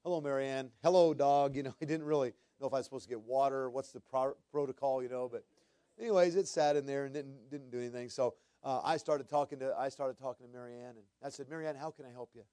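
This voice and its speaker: A man preaching from the pulpit with earnest feeling. His voice sits at a middle pitch and sounds close and dry. He often repeats his words and drops from loud to hushed. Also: fast talker, no room sound. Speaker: pastor. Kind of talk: sermon storytelling.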